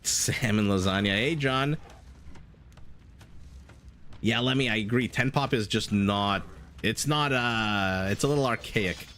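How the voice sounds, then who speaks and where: A man's voice: fairly low pitch, moderate pace, fairly bright tone, slight background noise. A man casting a strategy game live, chatting with viewers and laughing often between play-by-play calls. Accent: non-standard English accent (hear 'dollar' rounded). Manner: chatty, laughs often, reads chat aloud. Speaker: game caster. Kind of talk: live game commentary with chat banter.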